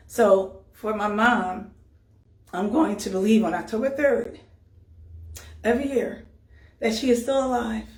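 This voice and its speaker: Woman host, emotional and candid, wavering soft to loud, roomy sound. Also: medium pitch, moderate pace, long pauses. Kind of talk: candid personal talk on grief.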